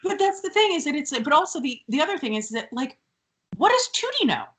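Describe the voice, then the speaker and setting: Woman podcast co-host, casual chat, higher voice, swoops around a lot, animated storyteller. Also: brisk. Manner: animated storytelling, acts out quotes in other voices.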